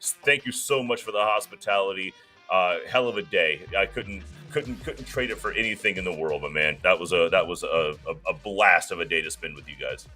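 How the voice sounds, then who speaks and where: A man co-hosting a sports show over a video call, chatting excitedly and stumbling over repeated words. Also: deep voice, brisk, soft background music. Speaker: co-host. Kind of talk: casual sports chat.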